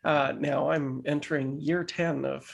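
Teasing male co-host, slightly high voice, playful chat. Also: fairly even intonation, creaky, muffled recording. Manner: playful, teasing, quick to laugh. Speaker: podcast co-host. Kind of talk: casual chat.

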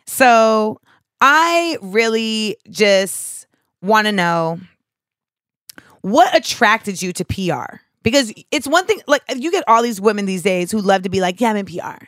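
A woman hosting a podcast, talking in a blunt, animated way and swearing freely. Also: medium pitch, slow pace, no room sound, clean studio sound. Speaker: podcast host. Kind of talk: casual chat.

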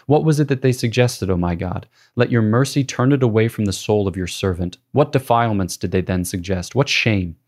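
Man reading a spiritual classic aloud, slightly low-pitched. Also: fairly quick, hardly any pauses, darkish tone.

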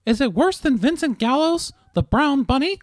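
High, lively man teasing his co-host. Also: normal speed, no echo, studio quality. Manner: playful, teasing, jokey asides. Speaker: podcast host. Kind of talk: casual chat.

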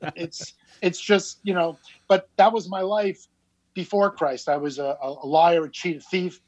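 A man in his fifties with a New Jersey accent speaks as a podcast guest, his voice pitched unusually high. He tells his story candidly and laughs at himself, and the sound is dry and slightly muffled, like a lo-fi remote line. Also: measured pace, no echo. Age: 50s. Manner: candid, self-deprecating, laughs often. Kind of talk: casual storytelling.

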